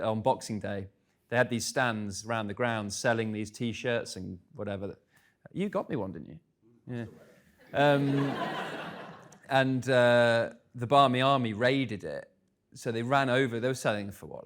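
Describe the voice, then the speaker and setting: Candid man telling stories. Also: mid-range voice. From England. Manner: candid, anecdotal, self-deprecating. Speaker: guest speaker. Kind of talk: live on-stage conversation. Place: live event stage.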